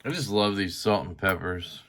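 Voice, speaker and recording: This knife reviewer has a bright yet low-pitched voice and talks at normal speed in a casual disassembly vlog. He rambles to his audience as he fiddles, self-deprecating, with mild swearing and grumbling.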